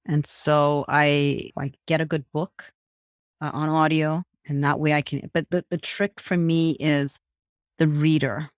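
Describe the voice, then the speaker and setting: A woman's voice: sits low, little pitch movement, unhurried, dry recording, clean studio sound. A woman speaking as a guest on a podcast over a video call, talking casually and emphatically. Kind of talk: casual chat.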